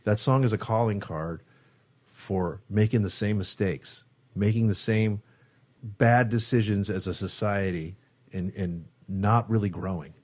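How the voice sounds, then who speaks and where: Low-voiced man telling a story, swearing freely. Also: measured pace. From San Francisco Bay Area. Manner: animated storyteller, acts out quotes, swears freely. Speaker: guest guitarist. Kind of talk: casual storytelling interview. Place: studio.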